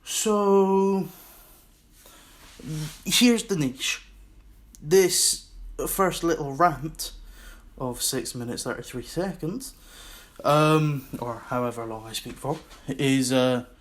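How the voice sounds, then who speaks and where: Man, Scottish accent, podcast host, unhurried delivery, rambling, self-mocking. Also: fairly high pitch. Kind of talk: casual solo podcast monologue.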